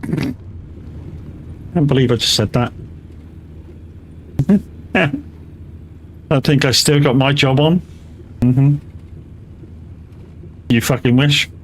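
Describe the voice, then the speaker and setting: A man's voice: medium pitch, takes it slowly, pauses often, slight background noise. A man, chatting casually and swearing freely with his viewers while driving in a game stream, laughing often.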